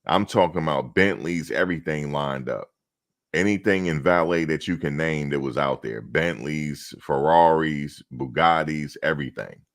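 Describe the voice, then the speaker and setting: Super low voiced guy w lots of vocal fry just riffing to his stream chat. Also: moderate pace. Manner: rambling, loose storytelling, talks to chat viewers. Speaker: reaction streamer. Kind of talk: casual livestream chat.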